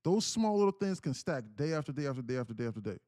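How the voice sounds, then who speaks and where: A man's voice: mid-range voice, sing-song, fast talker, mellow. A man talks loosely to his live-stream audience, full of slang and restarts. He circles back to the same phrases as he pushes his advice. The tone stays earnest and insistent, like a coach leaning on his crowd. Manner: slangy, repeats himself, keeps calling out "guys, listen". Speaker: day-trading livestream host. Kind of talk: casual live-stream talk to viewers.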